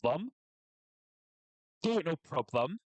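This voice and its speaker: A man's voice: fairly high pitch, very animated, slow, breathy edge, no echo, pitched above the performer's own voice, heavily acted. A man voicing a brash, prickly bird-folk woman warrior who talks bluntly and defensively.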